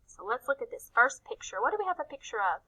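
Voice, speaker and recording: A woman teacher leading a recorded phonics lesson for young children. She talks slowly in a gentle sing-song way, stretches out each letter sound, and asks questions that she then answers herself. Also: a little high, very animated, rough recording.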